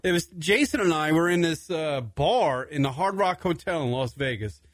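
A man's voice: on the high side, normal speed, no echo. A young adult man hosting a radio talk show, telling a long story casually, swearing freely and laughing as he goes. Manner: animated, swearing often, laughing through the story.

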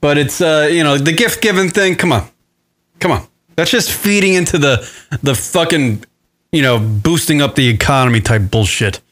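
A man's voice: a little high, moderate pace, fairly bright tone. A man co-hosting a radio show, bantering in casual chat with a profane, sardonic manner. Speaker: podcast co-host.

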